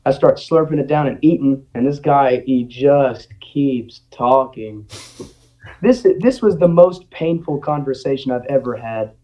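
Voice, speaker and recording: A man's voice: medium pitch, unhurried. Young man telling a story, lo-fi sound. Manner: animated, acts out quotes. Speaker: guest. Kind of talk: casual storytelling. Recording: dull lo-fi audio.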